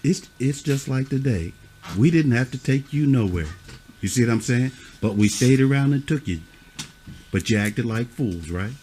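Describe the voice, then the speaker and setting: A man's voice: medium pitch, animated, normal speed, warm tone, slight background noise. A middle-aged man acting as a youth mentor, lecturing children sternly and bluntly, cursing and pressing them with repeated questions. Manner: scolding, repeats "huh?" and "you see what I'm saying"; blunt, curses.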